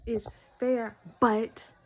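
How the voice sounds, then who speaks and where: A woman's voice: on the high side, flat delivery, very slow, a little mellow. A young woman ranting casually to camera, blunt and exasperated, with lots of filler words. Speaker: vlogger.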